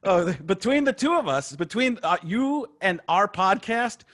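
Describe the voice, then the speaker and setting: A man's voice: high-pitched, big pitch swings, moderate pace, fairly bright tone. A man hosting a podcast over a video call, asking rambling questions with many restarts. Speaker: podcast host. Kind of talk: casual podcast conversation.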